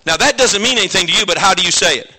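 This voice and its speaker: Male pastor, high and sharply bright voice, animated preaching with shouted bursts. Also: very fast. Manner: animated, self-mocking storytelling with sudden shouts. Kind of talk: sermon.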